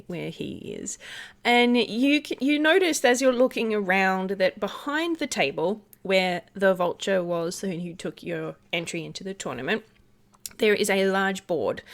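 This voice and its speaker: A woman's voice: medium pitch, a bit bright. A woman narrating a tabletop game as game master, chatty and giggly with many fillers.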